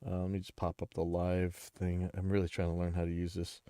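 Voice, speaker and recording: A man's voice: sits low, monotone, fairly quick, warm tone, clear, resonant tone, dry recording, studio quality. Stuffy, blunt man ranting casually. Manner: blunt, rambling, many restarts. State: stuffy nose, clearing throat. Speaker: livestream host. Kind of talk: casual livestream commentary.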